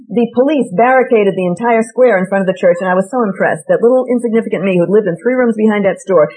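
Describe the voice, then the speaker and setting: A woman with a Boston accent tells a humorous personal story to an audience at a brisk clip. Her voice has a slight husky edge. She mocks herself and keeps drawing the listeners in with direct questions. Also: mid-range voice, darkish tone, rough recording. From Massachusetts. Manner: self-mocking, wry, asks the audience direct questions. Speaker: speaker addressing an audience.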